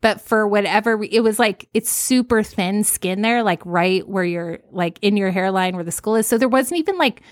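A woman in her thirties co-hosting a podcast, telling stories in a casual, animated way and laughing often. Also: medium pitch, normal speed, hardly any pauses, dry recording, studio quality. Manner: animated storytelling, laughs often, acts out panicked quotes. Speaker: podcast co-host. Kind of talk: casual chat.

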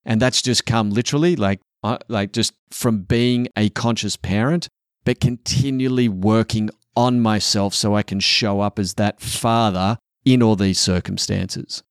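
A man's voice: lowish voice, fairly even intonation, a little slow, clean tone, dry recording, studio quality. A middle-aged man talking candidly as a father on a podcast, earnest and often swearing. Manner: earnest, swears often, acts out quotes in a raised voice. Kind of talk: candid casual podcast talk.

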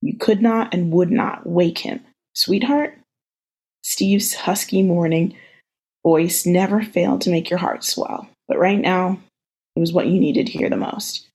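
A woman hosting a podcast, reading a romance story aloud in an even, intimate way. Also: fairly low pitch, unhurried, husky. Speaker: podcast host reading fan fiction.

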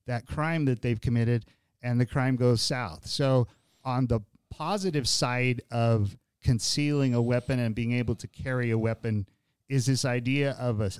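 A man's voice: mid-range voice, darkish tone, smooth, no room sound. A man hosting a podcast, talking in a thoughtful conversational way and often restarting his phrases. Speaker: podcast host. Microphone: studio podcast mic.

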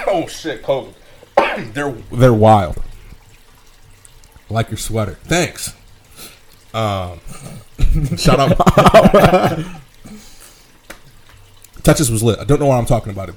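A man's voice: medium pitch, wildly swooping pitch, measured pace, long pauses. A man chatting casually as a podcast co-host, rambling with lots of fillers and swearing. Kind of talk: casual chat.

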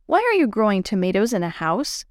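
A woman's voice: medium pitch, sing-song, a little fast, no echo, clean studio sound, lightly acted. A woman voicing an innocent little girl in a children's story reading.

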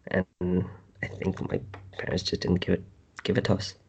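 A man's voice: low voice, completely flat delivery, moderate pace, darkish tone, husky. A man, from Bangladesh, chatting and joking as a podcast guest. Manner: joking, self-mocking, trying on accents. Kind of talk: casual chat.

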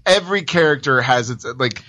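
Bright, enthusiastic man chatting. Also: mid-range voice, lively intonation, brisk, a little hiss or hum. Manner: enthusiastic, laughing. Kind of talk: casual chat.

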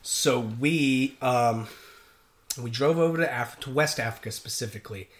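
A man's voice: medium pitch, normal speed. A man, a merchant sailor, telling stories in casual chat, rambling with many fillers and restarts. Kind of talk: casual storytelling.

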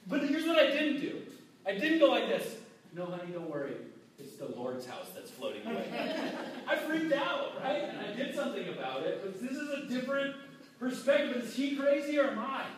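A man preaching a casual, animated sermon with restarts, acting out quoted voices. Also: very high voice. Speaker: pastor. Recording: very echoey hall, mic far off.

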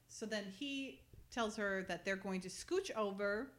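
A woman's voice: medium pitch, moderate pace. Giggly woman recapping a TV episode. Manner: chatty, giggly, reads script lines aloud. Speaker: podcast host. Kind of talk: casual chat recapping a TV episode.

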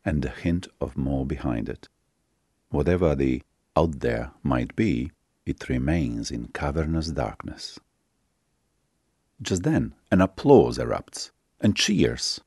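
A man narrating a sultry short story in a slow, intimate storytelling manner with dramatic pauses. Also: extremely low pitch, a little mellow, breathy edge, no room sound, studio quality. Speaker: author and narrator.

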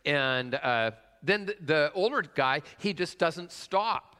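A man's voice: on the high side, moderate pace, bright, forceful tone. A man preaching a conversational sermon and telling a personal story, with frequent "uh" fillers and questions put to the congregation. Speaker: pastor. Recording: long reverb of a large hall.

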